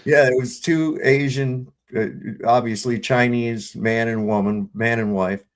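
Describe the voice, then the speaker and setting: A middle-aged man hosts a live panel stream in a relaxed, chatty way at a mid-range pitch. He rambles a little and introduces video clips for the others. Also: a little slow. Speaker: host. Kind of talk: casual chat.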